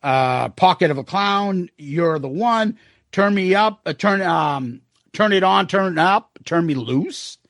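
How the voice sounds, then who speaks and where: High-voiced man telling a rambling story. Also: lively intonation, slow pace, fairly bright tone, dry recording, studio quality. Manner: rambling storyteller, lots of swearing and quoted asides. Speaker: podcast co-host. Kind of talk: casual chat.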